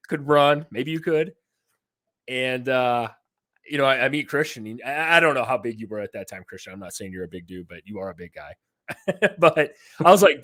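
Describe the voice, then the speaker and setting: A man's voice: medium pitch, no room sound, clean studio sound. A man co-hosts a casual sports podcast. He jokes a lot, gets worked up, and fills his talk with "like" and "you know.". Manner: excitable, jokey, lots of fillers. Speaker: podcast co-host.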